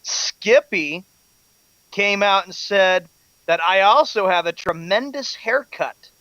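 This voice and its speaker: A male sports radio co-host with a high, sharp voice reads out quotes and laughs along with his partner. The sound is dry and a little dull and muffled, and the voice is tense and bright. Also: takes it slowly, dry recording. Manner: laughing, feeding lines for rebuttal. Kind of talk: comedic sports talk.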